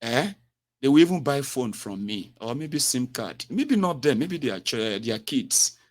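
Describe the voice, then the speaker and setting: Male host, mid-pitched, rambling, full of "eh" and "you know". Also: sing-song, measured pace. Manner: expansive, repetitive, frequent "eh" and "you know". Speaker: show host. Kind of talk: casual talk-show monologue.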